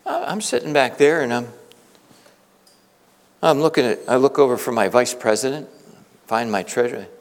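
A man's voice: medium pitch, animated, normal speed, creaky, long pauses. A middle-aged man preaching a storytelling sermon, earnest and conversational, often restarting his sentences. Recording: long reverb of a large hall.

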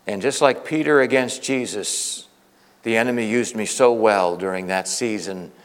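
A man's voice: fairly low pitch, moderate pace, clean tone. A middle-aged man preaching a storytelling sermon, earnest and conversational, often restarting his sentences. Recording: long reverb of a large hall.

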